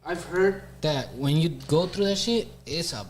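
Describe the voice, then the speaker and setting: A man's voice: on the high side, lively intonation, measured pace, soft background music. A man in casual, laid-back chat, switching between Spanish and English slang.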